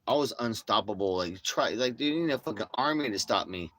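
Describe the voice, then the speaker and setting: A man's voice: lowish voice, animated, fairly quick, hardly any pauses, a bit bright. Profane rambling male livestreamer. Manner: profane, rambling storytelling with acted-out quotes. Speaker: livestream host. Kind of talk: casual livestream chat.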